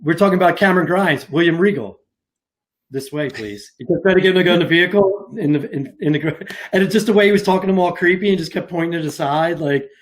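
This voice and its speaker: Male podcast co-host, somewhat high voice, loose rambling delivery. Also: rapid-fire. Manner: rambling, filler-heavy. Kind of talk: casual wrestling chat.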